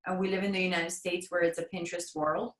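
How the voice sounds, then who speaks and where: A woman parenting coach on a call, explaining tasks step by step in a calm, encouraging way. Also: lowish voice, quick pace, reverberant, rough recording. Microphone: video or phone call.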